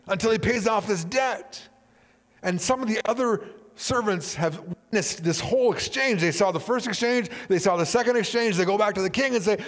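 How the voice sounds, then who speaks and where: A man delivers a sermon from the pulpit, his voice sitting a little high. He tells the story dramatically, acting out the characters' voices with big swings between loud pleading and hushed asides. A long hall reverb trails after his words. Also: moderate pace. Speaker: pastor.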